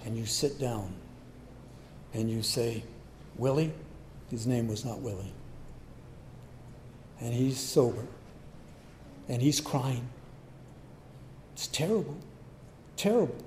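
An older male pastor preaches a sermon, telling a personal story conversationally and acting out voices. His medium-pitched voice is slow and a little mellow, with frequent pauses and slight background noise.

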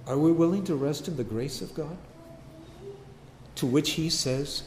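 Male pastor, sermon; emphatic, repeats phrases, slightly high voice, faint hiss behind. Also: unhurried, long pauses, darkish tone, roomy sound.

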